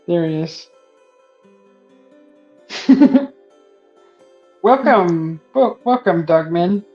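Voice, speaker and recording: A woman hosts a casual live stream and talks slowly, laughing often as she fumbles with the setup. Her audio sounds dull and lo-fi, with faint music underneath. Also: on the low side, lively intonation, mellow. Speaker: host of a paint-and-chat stream. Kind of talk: casual chat.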